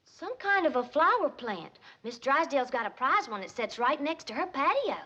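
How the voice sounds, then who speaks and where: Sitcom: an innocent hillbilly girl, Southern accent, high and bouncy, muffled track. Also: very animated, moderate pace, exaggerated voice. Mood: sweet. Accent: rural Southern US. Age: young adult. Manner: soft, innocent country talk. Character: sweet young hillbilly girl, animal-loving. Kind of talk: 1960s sitcom acting. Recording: muffled 1960s TV soundtrack.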